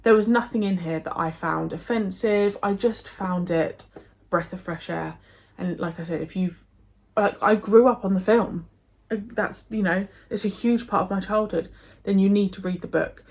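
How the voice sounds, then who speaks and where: A woman's voice: medium pitch, moderate pace, darkish tone. A young woman from England chatting casually and enthusiastically about books she read, with many fillers and restarts. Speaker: book vlogger. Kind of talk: casual book review chat.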